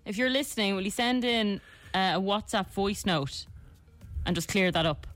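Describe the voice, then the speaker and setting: A woman's voice: mid-range voice, normal speed, a bit bright, no room sound, soft background music. A young woman co-hosting a radio show, giggly and self-deprecating. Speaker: radio co-host. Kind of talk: casual radio chat. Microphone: studio microphone.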